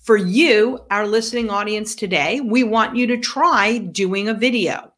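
A woman's voice: medium pitch, measured pace, a bit bright. A woman with a New York accent co-hosting a podcast, giving direct coaching advice in a casual chat. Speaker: podcast co-host.

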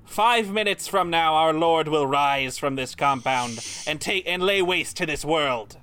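A man voicing a cold, commanding male cult inquisitor in a tabletop game, proclaiming slowly and solemnly. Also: a little high, sharp tone, clean tone.

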